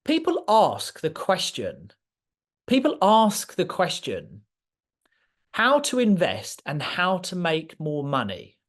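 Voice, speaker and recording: A man gives a motivational masterclass, pressing each point hard and repeating lines for effect. His voice sits a little high for a man. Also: wildly swooping pitch, takes it slowly. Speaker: speaker.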